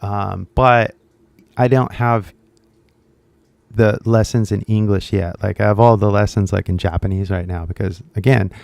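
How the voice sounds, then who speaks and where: A man's voice: fairly low pitch, fairly even intonation, a little slow, creaky, a little mellow, dry recording. A young American man, a YouTuber teaching English, talking in a loose, chatty way full of "like" and "right?". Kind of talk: casual rambling lesson to camera.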